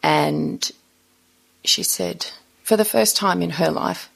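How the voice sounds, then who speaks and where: A woman's voice: low voice, slow, gravelly, long pauses. A middle-aged woman, a podcast guest, telling a personal story in an earnest, reflective interview.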